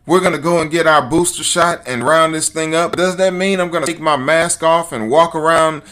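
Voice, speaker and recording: A man hosting a podcast, shifting between emphatic, repetitive commentary and relaxed, chatty sponsor reads. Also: a little high, moderate pace. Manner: fired up and emphatic, preacher-like repetition; calm and conversational in sponsor reads. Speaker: podcast host.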